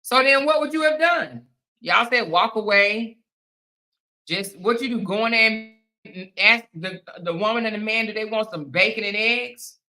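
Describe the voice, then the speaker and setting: Animated woman host reading comments. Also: on the high side, unhurried. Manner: animated, teasing, laughs often, playful asides. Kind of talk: casual chat.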